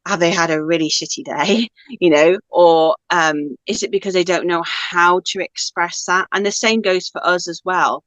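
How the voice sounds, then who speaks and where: A woman's voice: on the low side, steady tone, normal speed, fairly bright tone, no echo, dull audio. A woman speaking as a guest spiritual teacher in a casual conversation, reflective and rambling, with many fillers.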